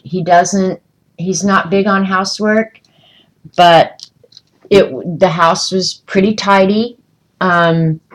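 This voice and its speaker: A woman's voice: lowish voice, rough recording. Chatty woman livestreaming from home. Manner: chatty, rambling, talks to viewers by name. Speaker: vlogger showing travel souvenirs. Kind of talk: casual livestream chat. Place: room at home.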